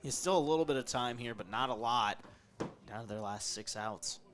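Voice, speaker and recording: A man doing color commentary on a live baseball game from a press box, relaxed and full of statistics. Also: mid-range voice, moderate pace, crowd noise. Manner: relaxed, stat-heavy analysis.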